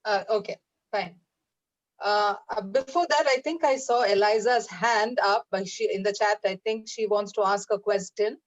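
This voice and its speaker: A woman's voice: medium pitch, normal speed, no room sound, dull audio. A woman moderating an online class, speaking casually with hesitant fillers.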